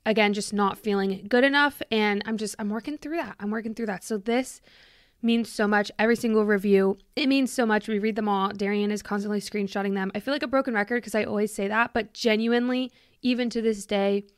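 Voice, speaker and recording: A woman's voice: medium pitch, fairly even intonation, fairly quick, clean tone, no room sound. A woman in her late twenties hosting a podcast, talking in a chatty, heartfelt and reflective way into a close microphone. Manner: chatty and heartfelt, full of "like" and gushing thanks. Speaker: podcast host. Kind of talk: casual reflective podcast monologue.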